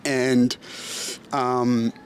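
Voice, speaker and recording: His medium-pitched voice barely moves in pitch and runs extremely slowly, over slight background noise. This young Australian podcast host spins a story casually, laughing often, swearing a lot and poking fun at himself.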